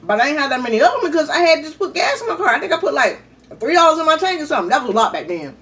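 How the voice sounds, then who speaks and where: A middle-aged woman vlogger telling a story in a chatty, animated way and often calling out to her viewers. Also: high voice, racing, far from the mic. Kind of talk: casual storytelling.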